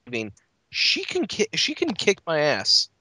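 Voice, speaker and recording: A man chatting casually on a podcast, rambling through his points with swearing and bursts of laughter. His voice is bright and forceful, set a little high. The sound is dry and close. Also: huge pitch swings, unhurried, no echo. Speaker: podcast co-host. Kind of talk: casual chat.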